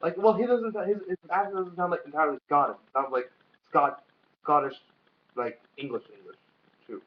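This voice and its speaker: A man's voice: on the high side, a little fast. Rambling young man with lo-fi sound. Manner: rambling, swears freely, lots of fillers. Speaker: vlog co-host. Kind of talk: casual chat. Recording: dull lo-fi sound.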